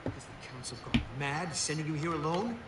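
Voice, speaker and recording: A man's voice: fairly high pitch, expressive, moderate pace, lightly acted. A man playing an urgent mage in a video game, the lone survivor urging the player to follow him. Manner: urgent, commanding. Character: urgent male guild mage, sole survivor. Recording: roomy, distant, noisy game audio.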